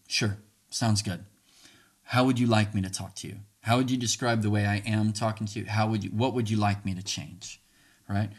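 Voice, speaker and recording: Male speaker, lowish voice, casual advice talk, voices both sides of arguments with big jumps in pitch. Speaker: speaker giving relationship communication advice. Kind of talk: casual spoken advice monologue.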